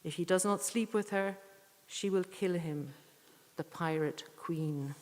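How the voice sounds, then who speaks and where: A woman's voice: fairly low pitch, unhurried, a little mellow. Earnest woman reading poems in a church. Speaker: poetry reader at a tribute evening. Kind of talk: poetry reading with spoken introductions. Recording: echoey church hall.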